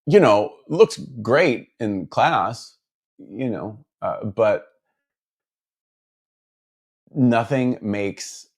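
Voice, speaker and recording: A very low-voiced man from the Midwest, talking casually to viewers on a live stream. He rambles, starts sentences over and fills pauses with ums as he reads out and answers their comments. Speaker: guitar builder streaming to viewers.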